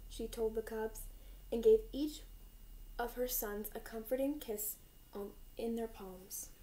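Mellow young woman reading a picture book. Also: fairly high pitch, measured pace, poor audio. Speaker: volunteer reader.

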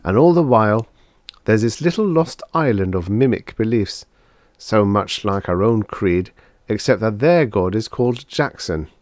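A man voicing a calm, thoughtful older spaceman who muses aloud. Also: lowish voice, a little slow, dry recording, voice pushed up. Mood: musing. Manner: calm, musing.

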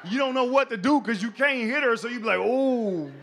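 A man's voice: extremely high pitch, fast talker, fairly bright tone. A man performing a stand-up comedy set on a club stage, telling a loose, slangy story and acting out the quotes. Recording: live club recording with noisy room. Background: audience laughter.

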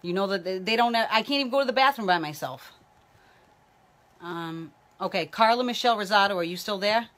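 A woman psychic medium gives live-streamed readings in a medium-pitched, fairly bright voice, speaking fairly quickly. She chats loosely and calls out viewers by name while a baby tugs at her hair.

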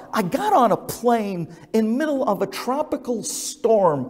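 A rabbi telling a story in an animated sermon, swinging between loud and hushed. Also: male voice, high voice, measured pace. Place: synagogue sanctuary. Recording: echoey synagogue hall.

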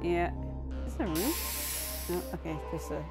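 Woman gaming with her partner, chatty, lots of ups and downs in her voice, loud game music going. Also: fairly low pitch, lively intonation, normal speed. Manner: chatty, thinking aloud through puzzles. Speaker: co-op game player. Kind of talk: casual let's-play commentary.

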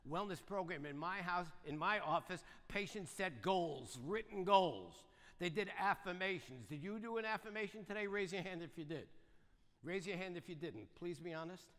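An older man delivers a rapid, punchy motivational seminar talk, often tossing quick questions to the crowd. His voice is bright and forceful, a touch high for a man, and it rings out with the long reverb of a large hall. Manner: fast, punchy, keeps asking the audience "right?" and "yes or no?". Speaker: seminar speaker.

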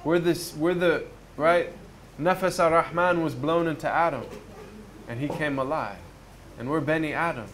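A man's voice: on the high side, normal speed, a bit bright, slight background noise. A man giving a reflective spiritual talk at a retreat, storytelling conversationally and asking his listeners rhetorical questions. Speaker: speaker at a retreat. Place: outdoors near a river.

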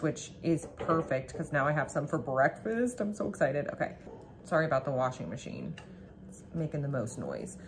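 A woman's voice: low voice, slight background noise. Chatty woman vlogging from home. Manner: chatty, rambling, full of "like". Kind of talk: casual vlog chat. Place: home kitchen.

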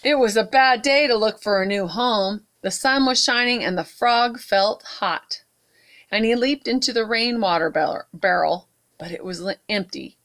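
A woman at a library storytime, reading a picture book aloud to children with expressive asides. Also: fairly high pitch, unhurried. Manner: warm, expressive read-aloud with asides to kids.

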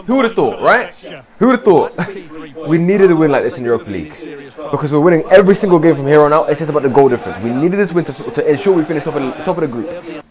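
Lively man commentating his own game. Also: fairly high pitch, quick pace. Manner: animated, shouts encouragement at players; mock press-conference answers as the manager. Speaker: gaming streamer. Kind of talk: excited gameplay commentary.

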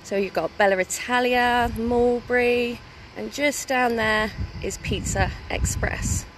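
A woman's voice: fairly high pitch, steady tone, takes it slowly, background noise. A British woman working as a student halls manager, giving a chatty live walking tour with a phone. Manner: friendly, chatty, with many "so" and "um" fillers. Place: city street outside a building, then its reception. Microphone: phone held while streaming.

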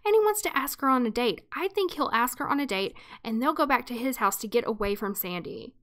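A woman's voice: fairly high pitch, lively intonation, fairly quick, fairly bright tone. A woman hosting a life-sim let's play who chats and narrates the story in an amused way. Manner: chatty, amused. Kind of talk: casual game commentary with storytelling.

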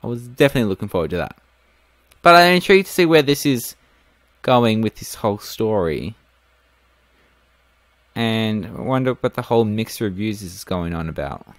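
Male let's-player, casual and chatty, lively pitch, dry close mic. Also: moderate pace, pauses often, no room sound. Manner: thinks aloud, casual, swears. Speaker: gaming video host. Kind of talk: casual let's-play commentary.

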